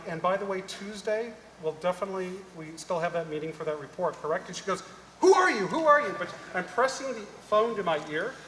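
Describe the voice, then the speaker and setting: Guy on stage spinning a story, acts out the voices, big echoey hall w/ a bit of hiss. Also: high voice. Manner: animated storyteller acting out dialogue. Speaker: conference panelist. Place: large conference hall. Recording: echoey hall, faint noise.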